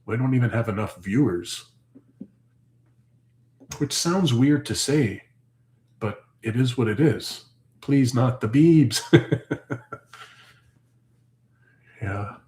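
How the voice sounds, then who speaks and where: A man in the middle of a rambling live chat, answering viewers and thinking out loud as he goes. His voice sits at an ordinary middle pitch. The room around him rings with a noticeable echo. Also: lively intonation, slow pace, pauses often, slight background noise. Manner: rambling, chatty, thinks aloud with fillers. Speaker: homestead channel host.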